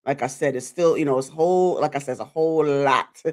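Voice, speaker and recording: A woman content creator hosting a live stream, talking directly to her viewers in a chatty, animated way. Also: deep voice, brisk. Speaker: YouTube content creator celebrating her channel anniversary.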